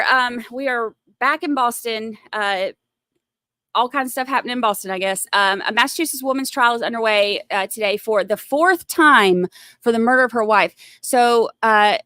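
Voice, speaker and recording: A woman's voice: on the high side, expressive, moderate pace, a bit bright, clear, resonant tone, no room sound, clean studio sound. A woman with a Southern US accent, hosting a casual livestream, chatty and rambling with lots of fillers and restarts. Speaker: livestream host.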